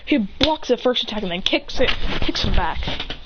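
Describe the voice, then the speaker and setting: A woman telling an improvised fan story in a rambling, excitable way, full of restarts and mouth sound effects. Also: a little high, normal speed. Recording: dull lo-fi with faint hiss.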